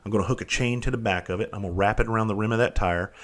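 A man with a fairly low voice tells a casual, swear-filled story. He quotes his own phone calls and gets worked up. The delivery is blunt and direct, like a vent to the camera. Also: rapid-fire, fairly bright tone. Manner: blunt, profane, heated storytelling with quoted dialogue. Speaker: vlogger.

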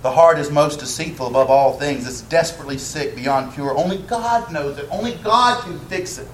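Male pastor, slightly high voice, conversational sermon delivery, roomy church sound. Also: normal speed, a little hiss or hum. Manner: conversational, asks the congregation questions. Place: church sanctuary. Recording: echoey church room, faint ambience.

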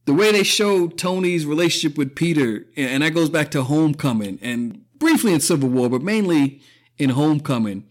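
A man's voice: fairly high pitch, expressive, a little fast. A man hosting a podcast, talking through a casual opinion monologue, emotional and profane, choking up and laughing often. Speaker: podcast host.

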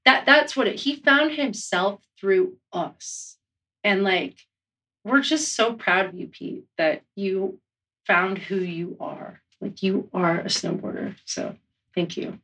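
A woman's voice: medium pitch, slow, bright, forceful tone, distant mic. A woman colleague gushing enthusiastically about her boss. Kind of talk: casual tribute.

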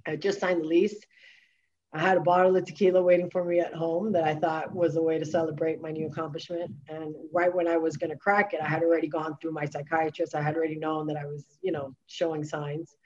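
A woman's voice: low-pitched, level tone, fairly quick, darkish tone, highs cut off. A woman guest, a wellness coach, telling her personal story candidly in conversation, emphatic and full of filler words and restarts.

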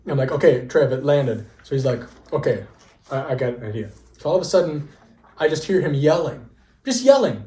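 Speaking a little fast in a mid-range voice, a young man tells casual stories as a podcast co-host. He keeps things lively, laughs a lot and plays out the dialogue. The recording has an echoey room sound.

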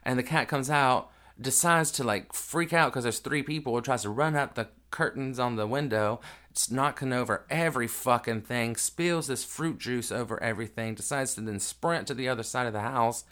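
A man's voice: mid-range voice, normal speed, fairly bright tone. A man, hosting a podcast and telling a family story in a raw, emotional, unedited way. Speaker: podcast host. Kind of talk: casual storytelling monologue.

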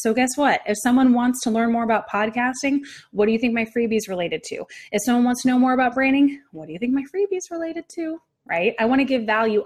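A woman hosting a podcast, giving a motivational teaching talk in an upbeat, direct way, with deliberately varied, sing-song intonation. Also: on the high side. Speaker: podcast host and visibility coach.

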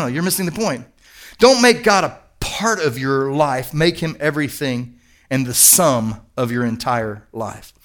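A man's voice: a little high, fairly bright tone. A middle-aged man preaching a sermon as pastor, earnest and emphatic, repeating key words for weight.

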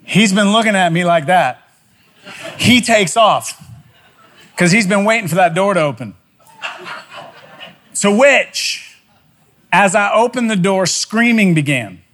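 A middle-aged man, a pastor, telling a self-mocking story in a sermon with animated, lively delivery. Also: high voice, slow pace, long pauses, slight background noise.

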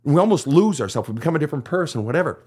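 A man's voice: on the high side, sing-song, racing, a little mellow, breathy edge. A man who hosts a counseling podcast, giving blunt, emphatic advice full of swearing. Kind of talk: profane motivational advice.

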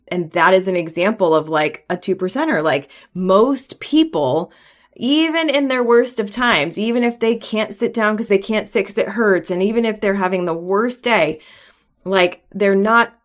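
A woman who co-hosts a podcast and owns a clinic, telling a story in a candid, blunt way with frequent laughs. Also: mid-range voice. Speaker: podcast co-host, clinic owner. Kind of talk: casual business podcast chat.

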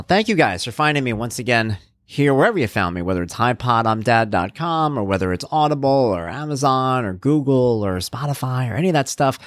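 Dad podcaster, solo mic, loose conversational ramble, dead-dry booth sound. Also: male voice, mid-range voice, no echo. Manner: rambling, conversational, thinks aloud with fillers. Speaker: podcast host. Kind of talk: casual solo podcast monologue.

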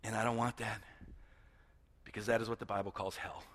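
A man preaching a sermon as pastor, moving between loud emphatic passages and hushed near-whispers. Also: lowish voice, flat delivery, brisk.

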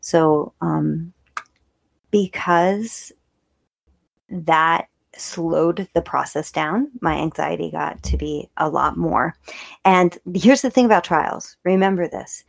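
Chatty, fast-talking woman vlogger with a low, gravelly voice, recorded close and dry. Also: no room sound. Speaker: video creator. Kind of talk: casual personal storytelling.

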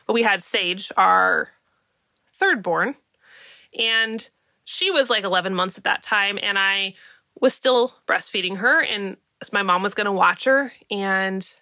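A woman's voice: mid-range voice, sharp tone, no echo. A woman in her thirties from the United States, hosting a podcast and telling a personal story in a chatty, laughing, self-deprecating way. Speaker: podcast host. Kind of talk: casual storytelling monologue.

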